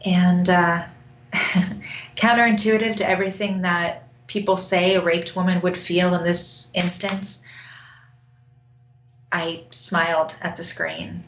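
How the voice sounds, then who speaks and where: A woman's voice: lowish voice, fairly bright tone, lo-fi sound. Woman telling her story in a roomy echo. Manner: earnest, laughs often between sentences. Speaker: interview guest. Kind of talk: personal storytelling.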